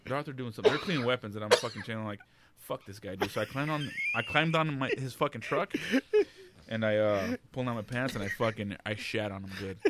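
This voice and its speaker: Fast-talking man with crude war stories. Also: lowish voice, background noise. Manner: profane, blunt, quick. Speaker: veteran guest. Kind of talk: casual storytelling chat.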